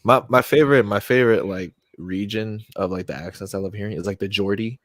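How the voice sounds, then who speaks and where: A man hosting a podcast, excitable and swearing in casual chat. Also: lowish voice, fairly quick, no echo, clean studio sound. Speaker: podcast host.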